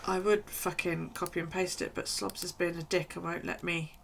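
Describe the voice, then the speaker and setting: A woman's voice: lowish voice, level tone, normal speed, vocal fry, hardly any pauses. A woman streamer chatting casually and rambling, with frequent swearing, during a live stream from home.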